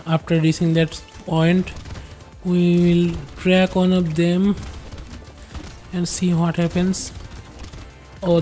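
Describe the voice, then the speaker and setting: A woman narrating her own gameplay on a livestream. Her delivery is unhurried and level, with little rise or fall. She muses aloud and drifts into rambling asides to her chat while faint game music plays underneath. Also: on the low side, mellow. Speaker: game streamer.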